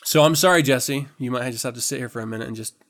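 A man's voice: mid-range voice, fast, fairly bright tone. A man hosting a podcast in a casual chat, laughing often, swearing freely and rambling through restarts. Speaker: podcast host.

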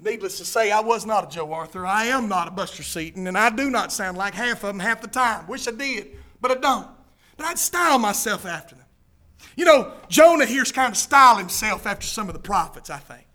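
A preacher with a strikingly high, bright voice delivers an animated sermon. He leaps into the voices of the people in his Bible stories, then drops back into plain teaching. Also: brisk. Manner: animated, acts out Bible quotes in character.

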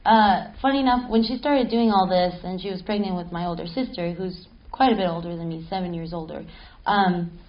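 Animated woman telling a spooky story. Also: fairly low pitch, brisk, muffled recording. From Mexico City. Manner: animated, laughing, swears casually. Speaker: panel guest. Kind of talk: live panel storytelling. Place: stage at a film festival panel.

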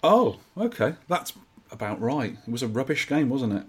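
A husky-voiced man co-hosting a podcast, chatting casually and joking as he reads out messages from listeners. His pitch swings up and down with plenty of life. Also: very animated, normal speed. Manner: jokey banter, reads listener messages aloud. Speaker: podcast co-host. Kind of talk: casual chat.

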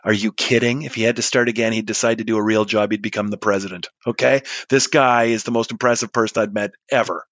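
A man in his forties telling an anecdote, chatty and animated, acting out the people he quotes. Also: lowish voice, fast, few pauses, no room sound. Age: 40s. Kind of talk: storytelling monologue.

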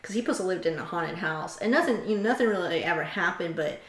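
A woman's voice: on the low side, animated, quick pace. A woman co-hosting a podcast in casual chat, telling stories with quoted asides. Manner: chatty, storytelling with laughs and quoted asides. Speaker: podcast co-host. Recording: roomy echo.

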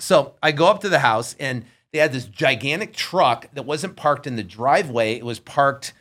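An animated man telling a story in a casual interview, and his voice has a bright, forward ring. He keeps the tone conversational and acts out the quotes as he goes. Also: on the high side, moderate pace, hardly any pauses. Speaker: real estate investor guest.

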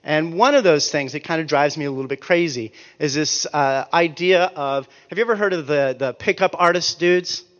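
Ranting man with a fairly high voice. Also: moderate pace, few pauses, big-room sound, dull audio. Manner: animated, ranting, profane, self-interrupting. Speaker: author and speaker. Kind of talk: comic storytelling talk.

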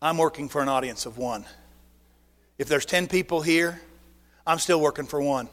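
Pastor, male, high voice, animated sermon delivery with acted-out exchanges, church hall reverb. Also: normal speed. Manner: animated preaching with acted dialogue and rhetorical questions. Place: church sanctuary.

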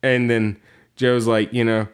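Man, podcast co-host, casual rambling recap, laughs a lot, mid-pitched voice. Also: little pitch movement, measured pace, clean tone. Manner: rambling, laughing, acting out quotes. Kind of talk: casual chat recapping an episode.

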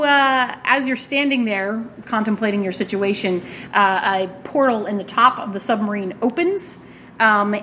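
A woman's voice: medium pitch, a bit bright, slight background noise. A woman hosting a podcast at a gaming convention, giggling and rambling as she narrates a tabletop game. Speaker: podcast host and game master.

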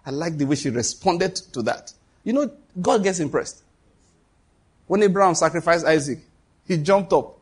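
A middle-aged man, preaching a sermon to a congregation and leading call-and-response, animated and quick to laugh. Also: a little high, breathy edge. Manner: animated, laughs often, shifts to quoted voices. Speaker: pastor. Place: church hall before a congregation.

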